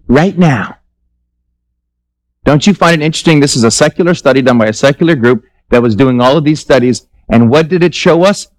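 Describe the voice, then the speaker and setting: High-voiced man preaching a sermon. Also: rough recording. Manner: conversational, emphatic preaching with rhetorical questions to the congregation. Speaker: pastor. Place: church.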